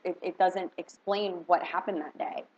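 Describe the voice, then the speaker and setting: A woman's voice: lowish voice, fairly even intonation, normal speed, a little mellow. A woman vlogger telling a personal story in casual, emotional, rambling speech full of "like". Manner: rambling, emotional, heavy use of "like". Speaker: spiritual reader vlogger. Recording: dull lo-fi with faint background noise.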